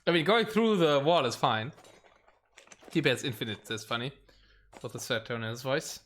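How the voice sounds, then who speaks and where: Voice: mid-range voice, moderate pace, fairly bright tone, slight background noise. A game stream caster giving casual live commentary, thinking aloud and reacting to the play at a desk mic.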